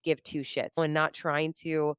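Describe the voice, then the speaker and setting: A woman guest on a podcast telling a story in casual chat, animated and laughing often as she acts out her own quotes. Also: sits low, unhurried, clean tone, no echo, studio quality. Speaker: podcast guest, comedian and entrepreneur.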